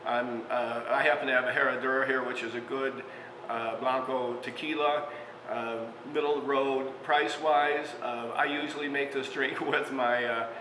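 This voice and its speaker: A man's voice: mid-range voice, level tone, normal speed. A man hosting a casual cooking show as a restaurant chef, chatting and telling stories with lots of fillers and little chuckles. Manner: chatty storyteller, frequent fillers, chuckles mid-sentence. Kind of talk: casual cooking demonstration with anecdotes. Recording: echoey room with long reverb, faint background hum.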